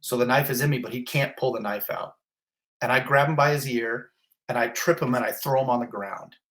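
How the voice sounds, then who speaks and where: A fire captain giving a vivid, blunt first-person account with swearing, in an interview. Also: male voice, medium pitch, brisk, fairly bright tone. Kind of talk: intense first-person retelling.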